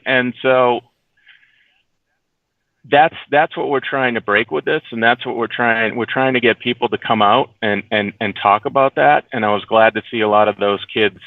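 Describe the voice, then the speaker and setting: A low-pitched man speaks earnestly as an interview guest, often restarting and repeating words as he goes. His voice comes through a thin, tinny phone line with no room sound. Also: no echo. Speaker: documentary producer, interview guest. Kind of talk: casual remote interview.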